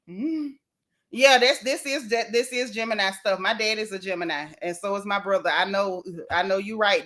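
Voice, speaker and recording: A middle-aged woman vlogger chatting to her viewers in a lively, exclaiming way. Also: medium pitch. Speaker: gossip vlogger. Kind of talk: casual commentary to viewers.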